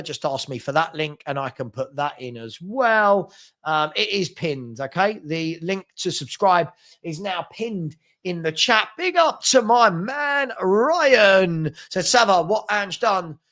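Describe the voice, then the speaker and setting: A young man hosts a live fan watchalong, chatting casually into a desk mic and reading viewer comments aloud. His voice sits high for a man, and his talk is loose and full of ums and restarts. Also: animated, unhurried, a bit bright. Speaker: fan channel host reading live chat.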